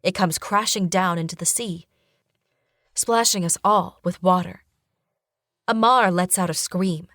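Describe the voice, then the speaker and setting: A woman reading a first-person fantasy audiobook in a steady narration style. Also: fairly low pitch, measured pace, pauses often, no room sound, clean studio sound.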